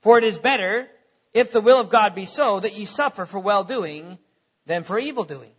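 A male pastor preaching a sermon, animated, firing off rhetorical questions and chuckling at his own jokes. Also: sits high, moderate pace, slightly rough, lo-fi sound.

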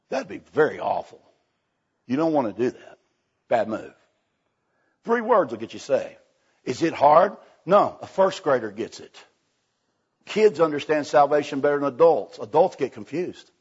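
A man preaching a sermon in a folksy, punchy way, with sudden loud bursts. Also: mid-range voice, sing-song, normal speed, pauses often, breathy edge. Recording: dull lo-fi sound.

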